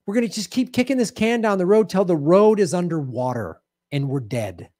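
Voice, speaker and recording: A man's voice: high voice, animated, a little fast, no echo, studio quality. Indignant man ranting political commentary. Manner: indignant, sarcastic, swings between loud and muttered. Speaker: show host.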